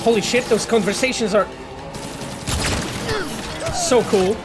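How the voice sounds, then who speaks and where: Animated, swearing male game streamer. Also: sits high, slow, over music. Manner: animated, swears often, thinks aloud with many fillers. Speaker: game developer streaming gameplay. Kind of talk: casual livestream commentary.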